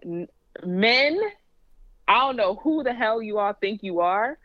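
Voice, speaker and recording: A woman talks in a casual podcast chat, blunt and lively, with opinions that come out fast and plain. Her voice sits at a middle pitch. The recording is dull and lo-fi, and the sound is very dry. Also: dry recording. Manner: blunt, animated, laughs while telling stories.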